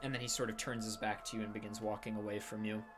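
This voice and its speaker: A man's voice: on the low side, level tone, quick pace, over music. A man narrating a tabletop game as game master, in a casual, loose way with many fillers.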